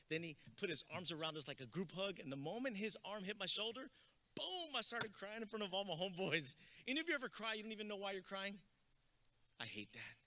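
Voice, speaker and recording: Bright-voiced man giving a rousing speech. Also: high-pitched, expressive, fast. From San Antonio, Texas. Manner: rousing, builds to shouted calls to the crowd; storytelling with jokes. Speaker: graduation guest speaker. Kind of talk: motivational speech.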